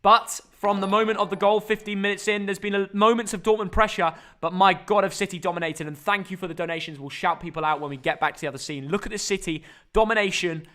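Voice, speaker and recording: A young man hosting a live football reaction stream, excitably talking viewers through the match. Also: sits high. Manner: excitable, rapid hype for viewers. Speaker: host.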